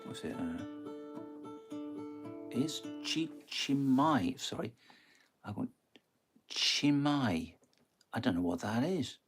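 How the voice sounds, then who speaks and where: Husky-voiced man with a Nottingham accent. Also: medium pitch, big pitch swings, takes it slowly, pauses often, faint music behind. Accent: Nottingham, East Midlands English. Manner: rambling and hesitant, full of ums and self-corrections. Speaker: live-stream musician taking song requests. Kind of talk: casual live-stream chat.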